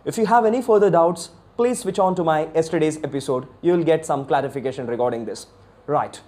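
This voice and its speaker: A man's voice: high voice, mellow. A man from India with an Indian English accent, hosting an educational video on accents in an earnest way and often correcting himself. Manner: earnest, repetitive, self-correcting with "I mean". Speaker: English communication teacher and host.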